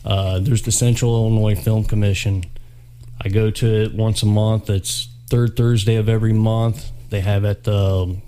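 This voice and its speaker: A man chatting as a podcast guest, telling stories in a relaxed, rambling way. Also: fairly low pitch, normal speed, clean tone. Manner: easygoing, rambling storyteller. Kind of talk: casual chat.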